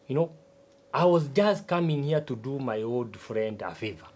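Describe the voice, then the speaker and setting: Man doing a stubborn old farmer, swooping lively voice, self-important asides. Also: mid-range voice, natural voice. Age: older. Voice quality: animated, drawn-out rhetorical asides. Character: older retired farmer, stubborn and boastful. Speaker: substitute teacher. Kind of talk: TV sitcom acting.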